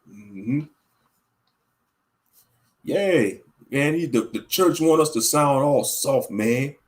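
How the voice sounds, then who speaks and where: A man with a mid-range voice leading a fervent, repetitive prayer. Between prayers he talks in a loose, animated street-talk manner as an online religious commentator. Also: medium pitch. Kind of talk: spoken prayer and casual chat.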